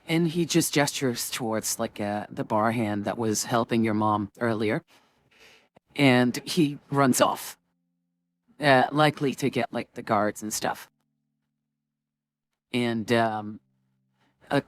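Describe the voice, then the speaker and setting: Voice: mid-range voice, unhurried, long pauses, dry recording. A game master narrating a tabletop game in a rambling way, with many fillers.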